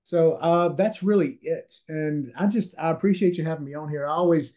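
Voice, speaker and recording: A man as a podcast guest, talking in a relaxed, conversational way. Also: fairly high pitch, moderate pace. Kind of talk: casual interview talk.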